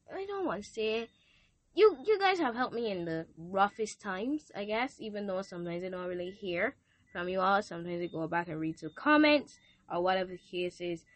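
A teenage girl hosts her own casual podcast, talking warmly and loosely to listeners, full of ums and little asides. Her voice sounds bright and a bit tense. It is recorded dry, with no room sound. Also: medium pitch, no room sound. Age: teens. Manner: chatty, affectionate, rambling with fillers. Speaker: podcast host. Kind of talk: casual faith podcast thank-you message.

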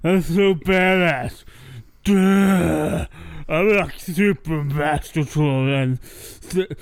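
Man doing a male internet troll: gloating, slow, drawn out, pitched a touch high. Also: clear, resonant tone, no room sound, clean studio sound. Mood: smug drawl. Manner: slow, loud, smug drawl. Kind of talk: casual chat.

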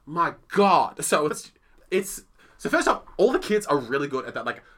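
Podcast co-host: young man, bright and gushing, filler-heavy, swoops in pitch a lot. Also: very animated, normal speed. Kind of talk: casual chat, theatre review.

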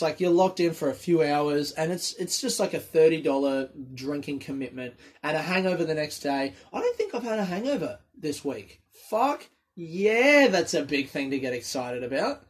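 A young man with a slightly higher voice talks in a loose, rambling monologue. He swears freely and goes off on tangents like a comedian unloading stories between gigs. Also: breathy edge. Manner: rambling, profane, animated storytelling. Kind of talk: casual monologue.

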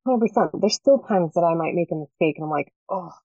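A woman's voice: on the low side, lively intonation, darkish tone, dry recording. A woman, a podcast guest talking earnestly about parenting and often checking in with "right?". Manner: earnest, talks in quick bursts with many "right?" checks. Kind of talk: casual podcast chat. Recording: dull, slightly lo-fi dry sound.

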